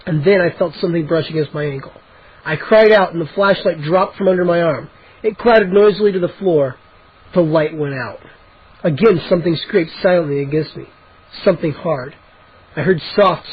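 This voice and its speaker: Man, storyteller, high voice, husky, dramatic reading, dull lo-fi audio. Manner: dramatic, tense first-person narration. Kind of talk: reading a children's horror book aloud.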